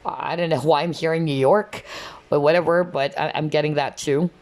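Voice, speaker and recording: A woman's voice: sits low, steady tone, moderate pace, a little mellow. A woman giving a casual, chatty tarot reading, often checking in with "okay?" and "you know". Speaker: tarot reader.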